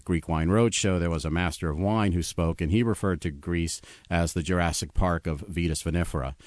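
A man's voice: low-pitched, fairly even intonation, fairly quick, a little mellow, dry recording. A man talks as a sommelier guest on a radio show. He explains with knowledgeable enthusiasm. The sound is dry and close. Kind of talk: radio interview.

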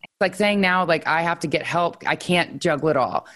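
Candid low-voiced woman podcast host. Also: moderate pace, fairly bright tone. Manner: candid, self-doubting, emotional. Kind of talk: casual podcast conversation.

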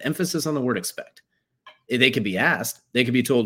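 A man's voice: mid-range voice, animated, quick pace, sharp tone, slightly rough. A man co-hosting a sports podcast, reasoning aloud in a conversational way. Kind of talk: casual sports talk.

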